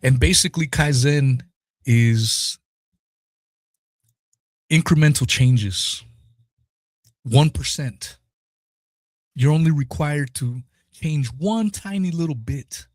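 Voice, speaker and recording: A man's voice: on the high side, slow, pauses often, no echo. A man hosting a solo podcast, speaking raw and emotional, swearing freely as he talks through personal feelings and a philosophy of self-improvement. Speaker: podcast host. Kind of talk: solo podcast talk, live stream.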